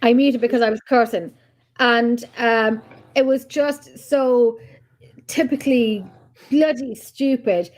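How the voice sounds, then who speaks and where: Chatty woman, bit high voice, rambles n exclaims on a video call. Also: fairly even intonation, slow pace, darkish tone. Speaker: co-host. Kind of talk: casual chat on a live stream.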